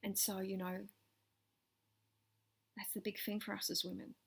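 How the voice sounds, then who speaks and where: A middle-aged woman speaks straight to the camera, telling her own story in an earnest vlog. Her voice is animated. It rises with feeling at the tense moments and falls almost to a whisper at the tender ones. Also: mid-range voice, a little slow, gravelly, slightly rough. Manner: earnest, animated, voice rising with intensity and dropping to near whispers. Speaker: vlogger sharing personal stories.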